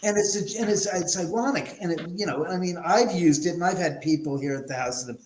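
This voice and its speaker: A man's voice: high-pitched, brisk, roomy sound, slight background noise, poor audio. A man from Los Angeles, a guest, telling stories casually and animatedly, with lots of swearing. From Los Angeles, USA. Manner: animated, swears freely, acts out quotes. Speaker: guest, paranormal house owner. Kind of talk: casual storytelling.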